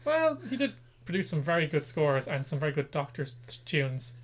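A man's voice: fairly high pitch, sing-song, moderate pace. Man co-host with wry asides. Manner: reads news items, then chats with wry asides. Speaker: podcast co-host. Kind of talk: casual pop-culture chat.

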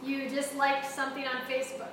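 A woman with a high, bright voice teaching yoga and breath work to a group, encouraging and full of questions for the class. She sounds distant in a very echoey room. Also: completely flat delivery, a little fast, a little hiss or hum. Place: large echoey room with a group of young hockey players.

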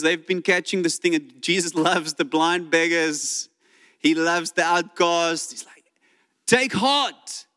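A man preaching a sermon in a church, animated and acting out voices as he retells the story. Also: high-pitched, clear, resonant tone. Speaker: pastor. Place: church sanctuary. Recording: long hall reverb.

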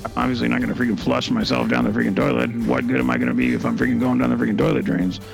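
A man's voice: medium pitch, little pitch movement, rapid-fire, creaky, soft background music. A man improvising a comedy role-play game, bossy and exasperated, stuffing nearly every phrase with a filler curse. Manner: says "freaking" constantly, bossy and exasperated.

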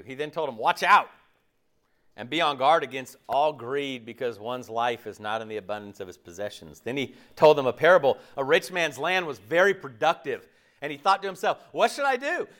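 Southern guy preaching, voice jumps all over, kinda high, chatty sermon. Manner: animated, conversational preaching, acts out quoted voices. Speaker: pastor.

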